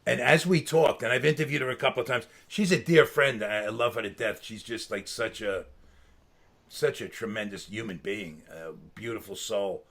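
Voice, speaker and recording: Middle-aged male guest, gravelly and a little husky, animated storyteller with a salty tongue. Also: lowish voice, normal speed. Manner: animated anecdotes, swearing, laughing mid-sentence. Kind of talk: casual storytelling.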